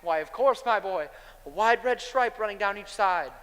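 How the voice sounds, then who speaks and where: A man playing a slick, smooth-talking traveling salesman in a stage musical, glib and persuasive. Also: high-pitched, animated, moderate pace, fairly bright tone. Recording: stage with long hall reverb, faint noise.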